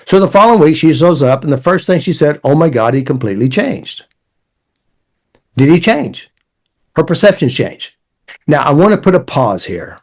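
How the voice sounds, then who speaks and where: A man's voice: fairly high pitch, sing-song, moderate pace, long pauses. A man hosting a conversational talk, telling client anecdotes with wry asides and acted-out quotes. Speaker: therapy method creator and podcast host. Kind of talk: conversational storytelling.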